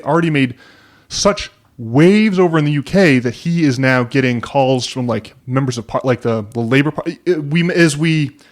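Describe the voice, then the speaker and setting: A man hosting a podcast in casual chat, rambling with frequent restarts and tag questions. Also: mid-range voice. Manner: rambling, many restarts and "right?" tags. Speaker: podcast host.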